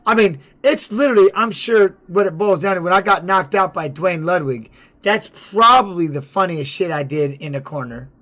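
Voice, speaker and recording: A high-pitched man in middle age tells a story in a loose, profane way on his live stream. He sounds like a former fighter talking casually to his viewers. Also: normal speed. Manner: profane, animated retelling.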